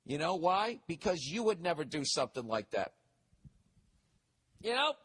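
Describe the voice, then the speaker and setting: A man's voice: a little high, very animated, normal speed, fairly bright tone, husky. A middle-aged man hosting a podcast, ranting casually and reading listener letters aloud with profane, mocking asides.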